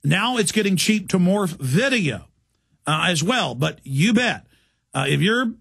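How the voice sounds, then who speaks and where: Middle-aged male radio host, raspy high voice, intense monologue. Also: very animated, measured pace, a bit bright. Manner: urgent, emphatic, with frequent restarts. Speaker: radio talk show host.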